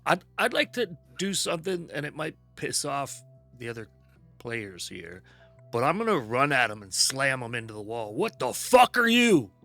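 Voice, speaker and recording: A man's voice: mid-range voice, sing-song, moderate pace, bright, forceful tone, soft background music. A man playing a tabletop game who talks in a brash, profane way, both in and out of character. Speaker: player. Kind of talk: tabletop role-play, in and out of character.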